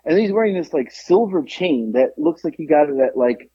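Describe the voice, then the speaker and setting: A man's voice: on the high side, expressive, moderate pace, mellow, breathy edge. A middle-aged man co-hosting a podcast, telling a funny story in casual chat, swearing and laughing often. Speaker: podcast co-host. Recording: dry, dull lo-fi sound.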